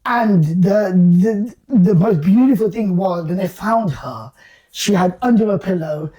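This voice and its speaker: A man, casually telling a long story to friends. His voice is mellow and dark, and he slips into lively put-on voices for the people he quotes. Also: high-pitched, measured pace, husky, dull audio. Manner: animated, acts out quoted voices, slangy. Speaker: guest storyteller.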